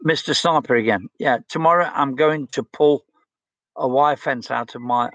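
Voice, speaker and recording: A man's voice: mid-range voice, moderate pace, fairly bright tone, dry recording, dull audio. A blunt, outspoken man, chatting casually as he reads out viewer comments on his stream. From England. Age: 60s. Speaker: livestream host.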